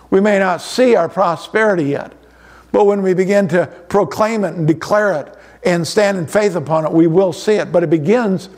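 A man's voice: high-pitched, a little mellow. A middle-aged man preaching a conversational sermon, often repeating words as he restarts his sentences. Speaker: pastor.

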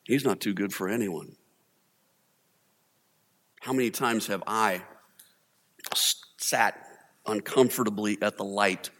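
A man's voice: on the low side, takes it slowly, long pauses, a bit bright. Male pastor, chatty humorous sermon delivery, long hall reverb. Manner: humorous, conversational preaching with acted quotes.

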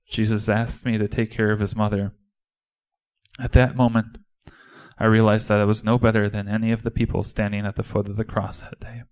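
Low-voiced man telling a passionate monologue. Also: a little mellow. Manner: impassioned, indignant storytelling. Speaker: dramatic monologue performer. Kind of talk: first-person dramatic monologue as a disciple.

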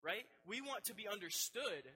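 A young man preaching a sermon, telling a personal story in a lively, animated way and often turning to ask the listeners directly. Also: sits high, normal speed, slightly rough, rough recording.

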